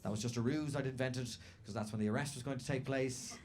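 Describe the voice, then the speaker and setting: A man's voice: mid-range voice, steady tone, fast, a little hiss or hum. A man doing brash, profane stand-up storytelling on a comedy stage. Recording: stand-up set with loud crowd laughter. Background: audience laughter.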